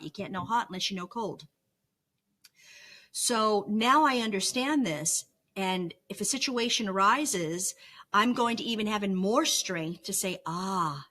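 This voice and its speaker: A woman's voice: medium pitch, pushed and bright. A middle-aged woman talking earnestly in a vlog, coaching with repeated phrases and frequent "right?" asides. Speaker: vlogger sharing her recovery lessons. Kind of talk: reflective, teaching vlog talk.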